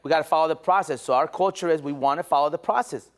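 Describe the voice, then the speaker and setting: Male sales coach, high voice, punchy motivational delivery with call-and-response. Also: fast talker. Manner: energetic, repeats phrases, call-and-response. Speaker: sales trainer. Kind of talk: motivational sales training talk.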